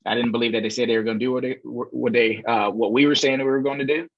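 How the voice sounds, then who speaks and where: A man's voice: medium pitch, fast, dry recording. Man telling a story on a dull, dry line. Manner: relaxed storyteller, many fillers, acts out quoted voices. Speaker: podcast guest, real estate investor. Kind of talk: storytelling in a casual interview.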